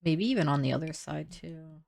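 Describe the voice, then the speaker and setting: A woman's voice: low voice, moderate pace, creaky, darkish tone, a little hiss or hum. A young woman casually thinking aloud while she builds in a game, chatty and full of "like"s. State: sleepy, yawning. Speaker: gaming creator building in a life sim.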